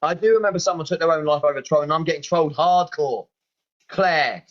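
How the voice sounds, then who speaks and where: A man's voice: a little high, brisk, highs cut off. A man from the UK with a British accent, chatting casually on a live stream, pleading and exasperated and repeating himself. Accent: British English. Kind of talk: casual livestream chat.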